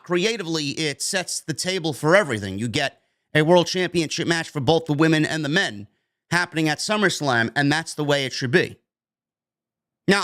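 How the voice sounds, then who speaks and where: A man with a rather high voice rants about the news as a podcast host. He is emphatic and blunt and swears without holding back. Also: a bit bright. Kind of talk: opinionated news rant.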